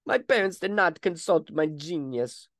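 A man's voice: a little high, expressive, unhurried, fairly bright tone, dry recording, clean studio sound. A man voicing a disillusioned Italian priest in a put-on Italian accent, delivered in a hammy, exaggerated comic way.

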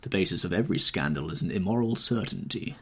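A man voicing a witty, cynical aristocratic gentleman who drawls amused epigrams, in an audiobook reading. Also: sits low, lively intonation, quick pace, slightly rough, exaggerated voice.

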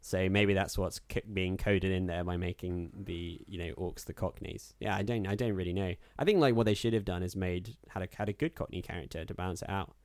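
A man co-hosting a casual film podcast. He has a low voice and a rambling, hesitant delivery, full of fillers and wry asides. The sound is close and dry. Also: a little fast, few pauses, darkish tone, no room sound. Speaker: podcast co-host.

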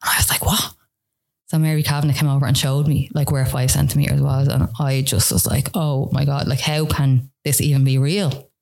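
A woman's voice: extremely low pitch, flat delivery, fairly quick, vocal fry, a little mellow. An Irish woman, a podcast guest, telling a personal story in casual conversation, full of "like" and retold dialogue. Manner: rambling, frequent "like" fillers, retells dialogue.

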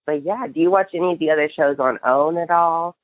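A woman's voice: low voice, fairly quick, no echo, phone-quality sound. A woman hosting a casual interview, encouraging her guest with frequent affirmations, heard over remote call audio. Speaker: podcast host.

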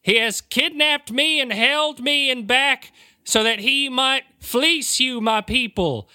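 A man's voice: slow, bright, forceful tone, clean tone, no room sound, heavily acted. A man playing a pompous fake deacon who preaches grandly to a church crowd. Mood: grandiose. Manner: booming, grandiose, theatrical. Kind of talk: improvised tabletop role-play.

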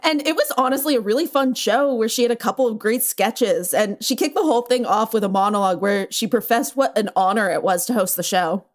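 A woman's voice: fairly high pitch, brisk, hardly any pauses. A woman hosting an entertainment news show, recapping stories in a casual, chatty way and laughing often. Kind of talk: casual chat.

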